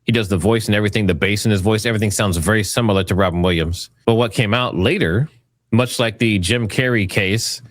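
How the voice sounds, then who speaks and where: This is a man hosting an online commentary video with a fairly low voice. He talks casually and speculatively, circling back over his points, and the sound is dry and close. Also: quick pace, no room sound. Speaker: commentary host.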